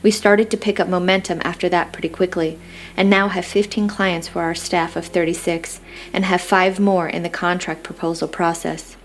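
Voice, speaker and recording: Low-pitched woman narrating a romance. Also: little pitch movement, moderate pace, slight background noise. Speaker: audiobook narrator. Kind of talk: first-person romance narration.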